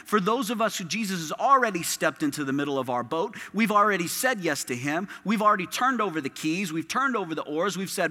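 A man's voice: high voice, very animated, fast talker, hardly any pauses, pushed and bright. A man preaching a sermon as pastor, emphatic and impassioned, with lots of repetition. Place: church sanctuary. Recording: long reverb of a large hall.

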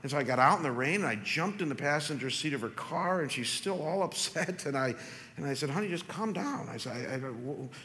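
A man in his forties, a pastor, telling a story in a sermon with animated, stammering restarts. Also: on the high side, fast talker. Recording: long reverb in a large hall.

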